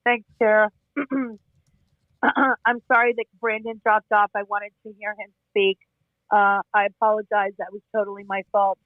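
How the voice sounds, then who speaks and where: Male host, very high voice, emotional and apologetic, narrow-band phone audio. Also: level tone, normal speed, dry recording. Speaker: host of an online audio room. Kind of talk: casual group call.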